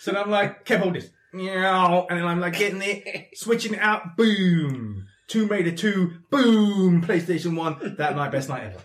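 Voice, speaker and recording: A man's voice: sits high, brisk, hardly any pauses. A man, a podcast host telling a story in casual chat and acting out the voices of the people in it. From England. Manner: animated, acts out quoted voices, laughs often. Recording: roomy echoey room.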